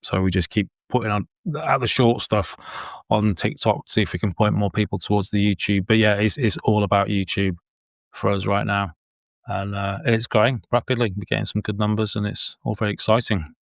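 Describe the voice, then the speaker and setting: Low-voiced man, rambling. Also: little pitch movement, fairly quick, gravelly, no echo, clean studio sound. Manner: rambling, repeats words, many ums. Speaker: filmmaker and paranormal investigator, podcast guest. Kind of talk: casual interview chat.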